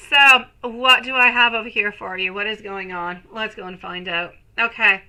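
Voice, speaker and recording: A woman in her thirties doing a live tarot reading, soft and soothing, calling viewers sweetie and turning bubbly when she greets the chat. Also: mid-range voice, steady tone, normal speed, poor audio. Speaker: tarot reader.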